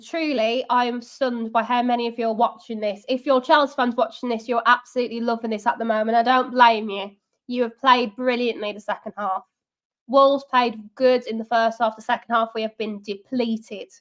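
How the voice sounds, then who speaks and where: A young woman chats sarcastically through a live football watch-along stream. Her voice sits high and bright for a woman, and she talks straight to her viewers as she reads out their comments. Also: fairly even intonation, moderate pace. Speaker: fan channel watch-along host.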